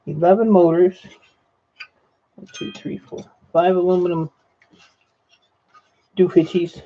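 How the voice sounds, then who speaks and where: Offhand high-voiced man sorting scrap. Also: steady tone, takes it slowly, long pauses. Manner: rambling, offhand, blunt. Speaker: e-waste scrapper vlogger. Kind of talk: casual narration while sorting circuit boards. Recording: lo-fi dull audio with faint noise.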